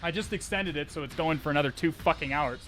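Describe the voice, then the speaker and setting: A man's voice: fairly high pitch, quick pace, fairly bright tone, soft background music. A man live-streaming a hacking session, talking to viewers in an exasperated way, swearing, sighing and restarting his sentences. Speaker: livestreamer.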